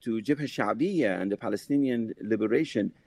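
A male author being interviewed, telling memories in lively fashion with many fillers and restarts. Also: medium pitch, a little fast, vocal fry, breathy edge, no room sound. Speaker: author and guest. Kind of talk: reflective interview conversation.

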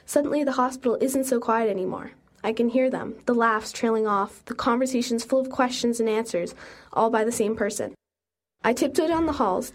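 A young adult woman reading a first-person story aloud in an earnest, steady way. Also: on the high side. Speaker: narrator.

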